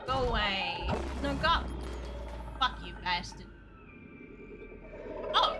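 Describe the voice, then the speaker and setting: A woman's voice: medium pitch, lively intonation, measured pace, long pauses, over music. A woman streaming a video game, muttering to herself, swearing freely and humming little nonsense tunes while she plays. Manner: hums and sings nonsense sounds while playing. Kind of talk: live gameplay commentary.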